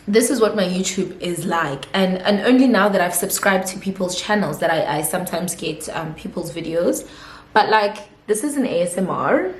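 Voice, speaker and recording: A young South African woman in her twenties answering viewer questions in a casual vlog, chatty and giggly with lots of fillers. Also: lowish voice. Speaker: YouTuber. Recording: echoey room.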